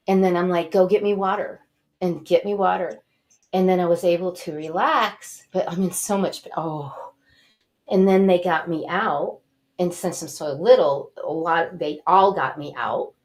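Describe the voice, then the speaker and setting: An older woman, a talk show guest, telling a personal story in a lively, animated way and acting out what people said. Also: fairly low pitch, normal speed. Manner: animated, acts out quotes and cries. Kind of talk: casual storytelling.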